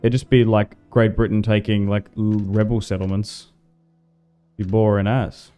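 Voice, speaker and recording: A man's voice: lowish voice, level tone, moderate pace, mellow, clear, resonant tone, soft background music. A man from Tasmania with an Australian accent, chatting casually to his live chat while playing a strategy game, rambling with lots of fillers. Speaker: gaming livestreamer.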